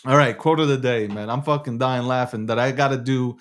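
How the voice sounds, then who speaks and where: A man's voice: medium pitch, lively intonation, brisk, hardly any pauses. A young man with a New York accent hosting a casual crypto news show, brash, profane and rambling. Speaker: show host.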